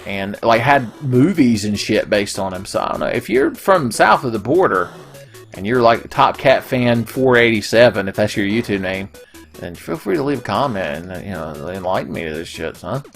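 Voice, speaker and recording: Rambling, animated man. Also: on the low side, moderate pace, soft background music. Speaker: gaming channel host. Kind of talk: rambling gaming commentary.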